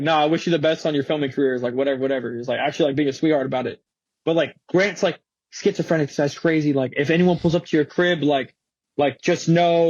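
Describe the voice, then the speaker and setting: A man's voice: fairly high pitch, slightly rough, dry recording, muffled recording. A young man from Florida, an interview guest telling a story casually, full of slang and fillers. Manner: slangy, animated, swearing, many fillers.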